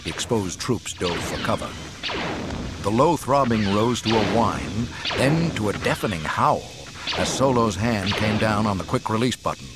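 A man narrating an audiobook in a dramatic, expressive storytelling manner. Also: on the low side, normal speed, over loud music. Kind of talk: scripted narration.

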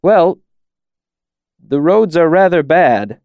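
A man's voice: fairly high pitch, big pitch swings, slow, dry recording, lo-fi sound, pitched above the performer's own voice, full character voice. A man voicing a nervous male scribe who answers uncertainly. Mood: uneasy. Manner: uncertain, hesitant.

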